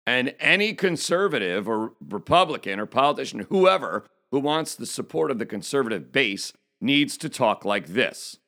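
A man's voice: medium pitch, very animated, normal speed, few pauses, a bit bright. A man giving an indignant opinion monologue as a political commentator, speaking emphatically. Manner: emphatic, indignant, reads quotes aloud.

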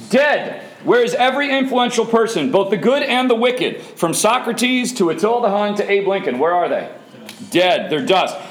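Male preacher, high and animated, emphatic sermon delivery in a roomy hall. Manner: emphatic, asks the audience rhetorical questions. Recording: echoey room.

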